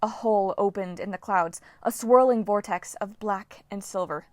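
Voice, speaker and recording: A woman reading a novel aloud as an audiobook narrator, with steady, dramatic storytelling. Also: medium pitch, moderate pace, few pauses, dry recording, studio quality. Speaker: audiobook reader.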